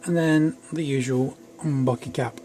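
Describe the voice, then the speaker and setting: Here a young toy reviewer talks casually about an action figure from home, rambling and poking fun at himself. He has a medium-pitched, warm voice with a steady tone and an unhurried pace, with faint music behind him and a little background noise.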